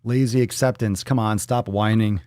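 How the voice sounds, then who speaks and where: A man hosting a fitness live stream, talking bluntly and profanely in quick ranting bursts and reading viewer comments aloud. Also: lowish voice, fairly even intonation, darkish tone, no echo, clean studio sound. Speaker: fitness livestream host. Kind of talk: casual live-stream talk.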